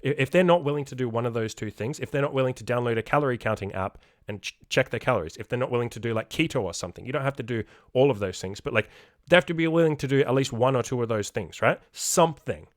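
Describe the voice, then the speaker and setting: A man's voice: mid-range voice, fast talker, no echo, studio quality. Blunt, profane male podcast coach. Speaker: self-improvement coach. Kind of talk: podcast monologue.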